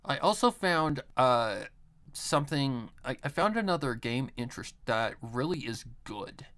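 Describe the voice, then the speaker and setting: A man rambling through casual stream chat while he works, peppering his talk with filler words and swearing freely. His voice sits at an everyday middle pitch, and his manner is loose and unscripted. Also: very animated, a little slow, a bit bright.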